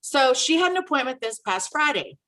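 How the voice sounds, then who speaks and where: Bright-voiced woman telling a story. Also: sits high, a little fast, poor audio. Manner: animated, acts out quoted dialogue. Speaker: guest sharing a testimonial. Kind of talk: casual storytelling on a video call. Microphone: video call.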